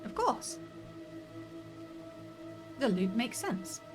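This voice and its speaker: A woman's voice: on the high side, sing-song, drawn-out words, music in the background, full character voice. A woman reading the lines of an earnest older male scholar in a story game, with only a slight intonation.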